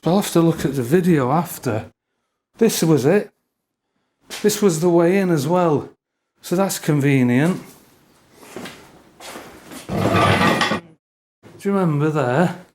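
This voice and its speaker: Breathless man, slow commentary. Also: fairly high pitch, lively intonation, a little mellow, a little hiss or hum. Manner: muttering to himself, wry asides. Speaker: urban explorer vlogger. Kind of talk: casual running commentary while exploring. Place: derelict building with cellar and broken glass. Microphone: handheld camera mic while holding a torch.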